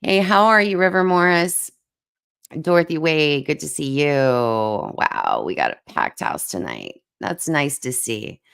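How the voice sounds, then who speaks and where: A woman hosts a casual livestream over a video call, greeting viewers by name with plenty of fillers. Her voice is low, smooth and resonant, and it sometimes cuts in and out. The sound is dry and close. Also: sing-song, a little slow, a bit bright, no room sound. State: voice cutting in and out. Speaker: livestream host.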